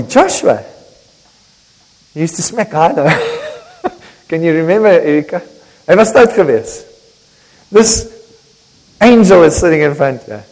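An older man preaching a sermon to his congregation, emphatic and joking, swinging between loud and hushed delivery. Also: fairly high pitch. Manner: jokes and talks directly to the congregation. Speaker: pastor. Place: church hall. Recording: reverberant church hall.

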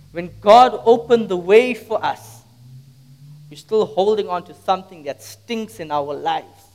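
A man's voice: high voice, measured pace, a little mellow. A man preaching a sermon in a church, telling a story dramatically and pressing the congregation with repeated rhetorical questions. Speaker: pastor.

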